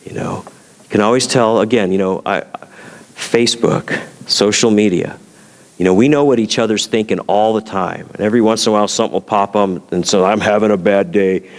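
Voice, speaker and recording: A man preaching a sermon in a conversational style, often turning to his listeners with questions. His voice sits low, and a long hall reverb trails behind each phrase. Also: a little fast. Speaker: pastor.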